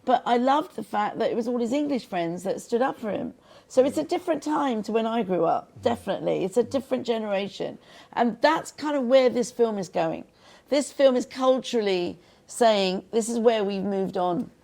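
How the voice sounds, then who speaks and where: A woman's voice: fairly high pitch, expressive, moderate pace, creaky, mellow. A middle-aged woman, a film director and guest, talking earnestly in an interview and telling stories with quoted voices. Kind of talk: interview conversation.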